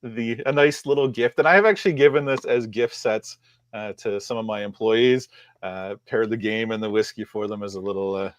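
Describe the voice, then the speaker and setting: A man's voice: fairly low pitch, brisk, dry recording. Hesitant man, dry close sound. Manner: hesitant, many fillers. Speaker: panelist on a live whiskey and board game show. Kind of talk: casual chat.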